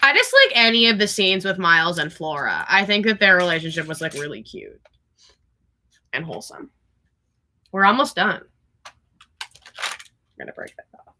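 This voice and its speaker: A young woman hosting a casual livestream from home, chatty and excitable, breaking into giggles often. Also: on the low side, normal speed, pauses often. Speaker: livestream host. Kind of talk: casual live chat.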